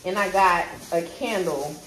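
In an echoey room at home with faint noise in the background, a woman in her 20s vlogs casually about her shopping haul. She speaks to viewers at a measured pace in a lowish voice, chatty and prone to tangents.

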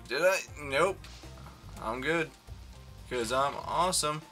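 A man's voice: on the high side, takes it slowly, bright, forceful tone, soft background music. A young man giving casual, rambling, self-mocking commentary while playing a video game, swearing freely. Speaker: let's play commentator.

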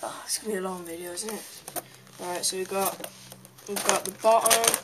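A woman's voice: medium pitch, steady tone, brisk. Rambling woman unboxing a toy on camera. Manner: rambling, chatty, talks while handling things. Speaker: toy collector vlogger. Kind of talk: casual unboxing commentary. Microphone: handheld camera's built-in mic. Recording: loud noise, crinkling packaging.

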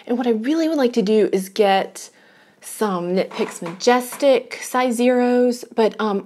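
Woman, lively swooping pitch, mid-range voice, rambling casual chat, self-deprecating, home vlog on her own camera. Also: moderate pace. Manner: chatty, rambling, self-deprecating, laughs often. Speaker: knitting vlogger. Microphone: camera she is filming herself with.

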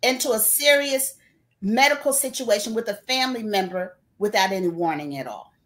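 A woman's voice: medium pitch, normal speed, a bit bright. A woman pastor, a guest on a talk show, telling her personal story in an earnest, reflective way. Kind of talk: interview, personal testimony.

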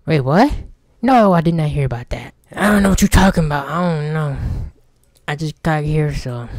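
A man's voice: on the high side, a little mellow, no room sound. A young man giving casual let's-play commentary, joking and talking back to the game's characters. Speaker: gaming streamer.

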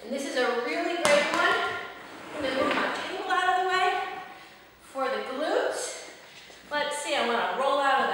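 Woman, fitness instructor, encouraging, slightly out of breath, unhurried, echoey room, distant mic. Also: sits high, bright, forceful tone, slight background noise. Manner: upbeat encouraging counting of reps. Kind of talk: workout video instruction. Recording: echoey roomy sound from off-mic.

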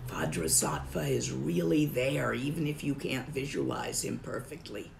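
Woman as Buddhist teacher: unhurried, gravelly, calm emphatic repetition. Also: very deep voice, a little hiss or hum. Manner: calm, emphatic, repeats key phrases. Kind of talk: slow, deliberate dharma teaching.

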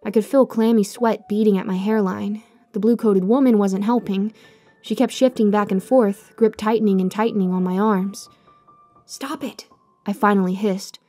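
A woman giving scripted horror story narration in a measured, hushed, suspenseful way. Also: medium pitch, fairly even intonation, soft background music.

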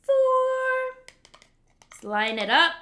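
A mukbang host runs a casual eating vlog, chatty and playful, meowing cutely while a close mic picks up her eating sounds. Her animated voice is on the high side, she takes it slowly, and there's background noise.

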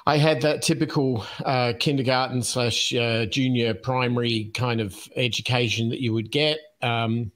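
Unhurried Australian man in his fifties. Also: medium pitch, fairly bright tone. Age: 50s. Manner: unhurried, many ums and uhs, chuckles easily. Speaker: podcast guest. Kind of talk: casual storytelling interview.

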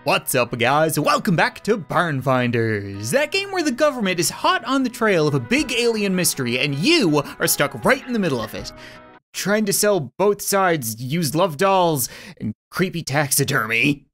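A YouTuber commenting on a game with sarcastic jokes and quick asides to the characters. The voice sits at a middling pitch but swings up and down a lot. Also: very animated, a bit bright, faint music behind. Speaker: gaming YouTuber. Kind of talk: gameplay commentary.

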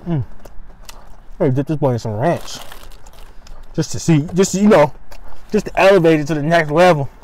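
A man's voice: on the high side, normal speed, long pauses, a little mellow, poor audio. A man, talking casually and in slang on an eating vlog, chatting to viewers between bites. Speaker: mukbang vlogger.

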